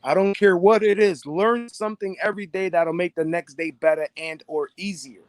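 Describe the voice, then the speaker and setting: A young man with a high voice chats straight to his viewers in a loose, streetwise, profane way, circling back to the same phrases. The sound is dry, with no room around it. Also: moderate pace, no echo. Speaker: vlogger. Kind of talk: casual monologue to viewers.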